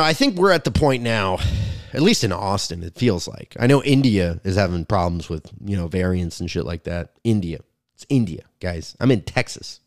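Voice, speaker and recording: Crude and rambling, this man's garage-recorded podcast monologue is full of self-interruptions as the comedian talks casually. His mid-range voice comes through with no room sound at studio quality.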